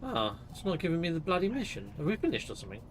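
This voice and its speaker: Lively, jokey man gaming. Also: fairly high pitch, very fast, slight background noise. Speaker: streamer host. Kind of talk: casual gaming chat.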